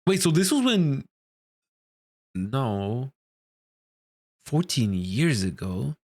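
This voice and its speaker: A man hosting a casual reaction to a comic chapter, excitable and slangy, laughing often. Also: medium pitch, very slow.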